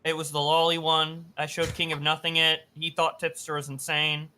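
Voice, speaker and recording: A man's voice: a little high, normal speed, slight background noise. A man who runs a YouTube channel, in casual podcast chat, telling crude stories with lots of energy. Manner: crude, animated storytelling.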